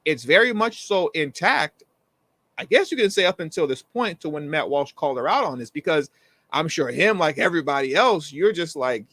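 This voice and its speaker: A man co-hosting a casual commentary chat, animated and slangy, acting out the people he quotes. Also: a little high, normal speed, no room sound. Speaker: co-host.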